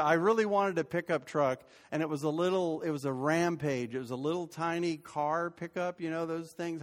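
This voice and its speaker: An older man preaching a sermon as pastor, conversational and rising to emphatic peaks. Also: fairly high pitch. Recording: long hall reverb.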